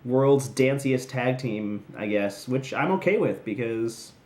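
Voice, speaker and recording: Casting note: young male recap host, mid-pitched, sarcastic and rambling, recorded in a roomy space. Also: lively intonation, slow, darkish tone. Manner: snarky, rambling, jokey asides. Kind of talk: casual solo recap commentary. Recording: roomy echoey room.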